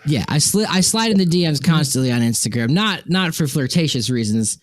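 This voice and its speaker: A man with a fairly high voice tells a rambling story on a podcast and acts out each person he quotes. His sound is close and dry, with no room around it. He swears freely and talks in a loose, casual way. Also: fairly quick, dry recording. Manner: animated, swearing, quotes people in exaggerated voices. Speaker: podcast co-host.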